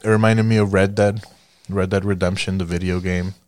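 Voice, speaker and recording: A young adult man from Chicago, telling a profane, animated story in casual chat and acting out the other people's lines. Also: low-pitched, fairly quick, no echo.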